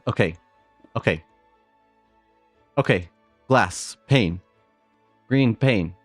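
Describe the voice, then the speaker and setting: Excitable man streaming a game, lively pitch. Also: very slow, no echo, faint music behind. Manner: excitable, repeats short phrases, frequent exclamations. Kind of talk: live gameplay commentary.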